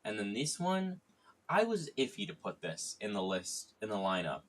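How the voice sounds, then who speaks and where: A man's voice: lowish voice, sing-song, moderate pace. A young man chatting casually on a stream, joking and swearing, rambling with lots of fillers. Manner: joking, irreverent, swears freely.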